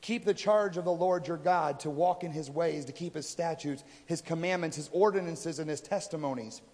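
A man's voice: on the high side, moderate pace, darkish tone. A man preaching a sermon, retelling a story in a casual, conversational way and voicing the people in it. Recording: reverberant hall.

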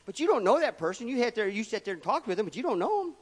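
A man's voice: sits high, sing-song, very fast, breathy edge. Emphatic man preaching in a hall. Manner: emphatic, swings from loud to quiet asides. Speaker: pastor. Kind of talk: sermon. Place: church sanctuary. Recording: long reverb of a church hall.

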